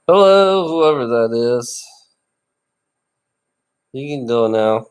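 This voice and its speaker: A tired, middle-aged male livestreamer delivers a profane, bitter ranting monologue on a live stream, breaking into rough laughs. His voice is medium-pitched and a little mellow.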